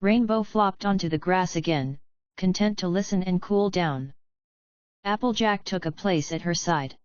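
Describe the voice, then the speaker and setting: Slow, smooth synthetic woman narrator. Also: lowish voice, no echo, muffled recording. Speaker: audiobook narrator. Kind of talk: scripted narration.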